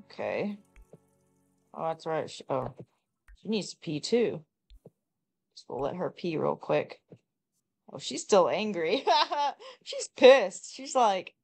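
A woman giving casual, joking gameplay commentary, blunt and quick to swear. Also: fairly low pitch, very animated, creaky, darkish tone, breathy edge, soft background music. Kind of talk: casual let's-play commentary.

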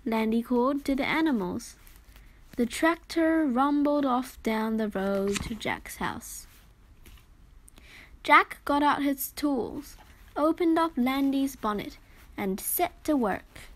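Woman, storyteller, children's book read-aloud, gentle, expressive, slow. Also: a little high.

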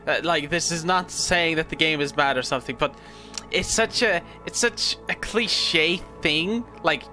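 A man's voice: fairly high pitch, measured pace, bright, forceful tone, faint music behind. Rambling young man playing a game. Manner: rambling, stammering, swears freely. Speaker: gaming video host. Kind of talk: casual gameplay commentary.

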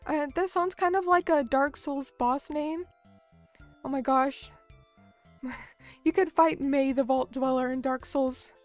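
A woman's voice: high-pitched, fairly even intonation, slow pace, long pauses, faint music behind. A young American woman streamer chatting casually with her viewers, talking loosely with lots of fillers as she reads and answers chat. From United States.

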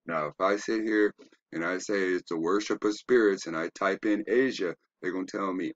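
A man's voice: deep voice, normal speed, dry recording, muffled recording. A man giving a rambling, profane, preachy commentary while browsing web pages, asking rhetorical questions. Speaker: online commentator.

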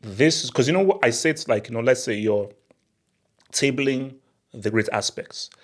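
An excitable young man talks casually to his viewers, using slang and repeating himself when he gets worked up. His voice is husky, at an ordinary middle pitch, and he laughs often as he talks. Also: normal speed. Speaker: movie vlogger. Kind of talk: casual chat to camera.

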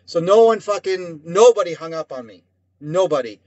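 A man, a co-host with a slightly raised voice, telling rambling profane stories. He drops into quick acted-out voices as he goes. The sound is dull and lo-fi, dry and close with no room around it. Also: high-pitched, animated, a little mellow, no echo. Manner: profane, rambling storyteller, acting out quoted voices. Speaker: podcast co-host. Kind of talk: casual chat.

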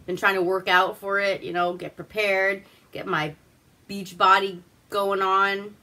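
A woman's voice: medium pitch, level tone, unhurried, bright, forceful tone. A woman from Alaska hosting a casual movie review, rambling through the plot with crude, swearing humor.

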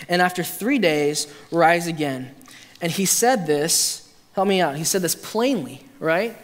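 A man's voice: sits high, fairly bright tone. A male pastor preaching a conversational, humorous sermon, acting out quotes with restarts. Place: church sanctuary. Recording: hall reverb.

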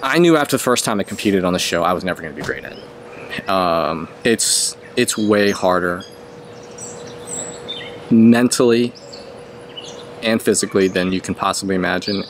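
Rambling middle-aged man, lowish voice. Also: a little slow, long pauses, fairly bright tone, slight background noise. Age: 50s. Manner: rambling, with many restarts and self-corrections. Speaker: vlogger telling a personal story. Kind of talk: casual storytelling monologue.

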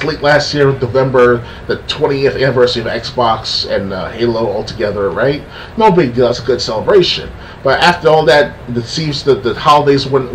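Frustrated rambling man on a distant mic. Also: medium pitch. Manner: frustrated, rambling with many restarts. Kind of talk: casual podcast rant. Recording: distant mic with faint background noise.

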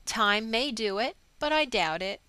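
A woman's voice: fairly high pitch, animated, pushed and bright, smooth, no echo, poor audio. Woman reading as a grave nerve doctor. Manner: grave, measured.

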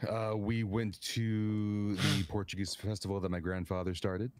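Guy with a really low voice chatting on a podcast, dry close mic, kinda relaxed rambly. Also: unhurried, no room sound. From California, United States. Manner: relaxed storytelling, repeats words when he starts a thought. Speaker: podcast co-host. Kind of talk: casual chat.

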